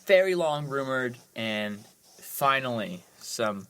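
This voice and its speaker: A man's voice: mid-range voice, expressive, takes it slowly, bright, forceful tone, a little hiss or hum. A man co-hosting a movie podcast, chatting casually and eagerly with lots of "like"s as he recaps films. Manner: enthusiastic, rambling with many "like"s. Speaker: podcast co-host.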